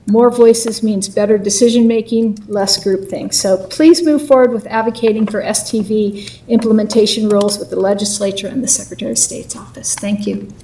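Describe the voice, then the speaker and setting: A woman's voice: medium pitch, fairly even intonation, moderate pace, mellow, recorded from a distance, slight background noise, low-quality recording. A woman giving a prepared public comment, earnestly advocating a voting reform.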